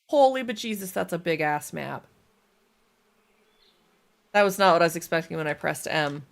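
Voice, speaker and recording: A young woman chatting casually while livestreaming a game, self-deprecating and quick to laugh. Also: fairly low pitch, animated, gravelly. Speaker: streamer. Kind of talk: casual gaming livestream chat.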